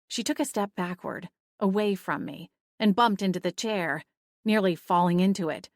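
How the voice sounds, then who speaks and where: A woman reading first-person audiobook narration in a steady storytelling manner. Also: fairly low pitch, normal speed, dry recording, clean studio sound.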